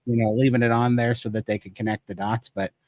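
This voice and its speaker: A man's voice: medium pitch, flat delivery, quick pace, a little mellow, dry recording. A man speaking casually on a remote call, giving earnest, rambling advice from his own story. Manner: earnest, rambling personal testimony. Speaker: guest speaker.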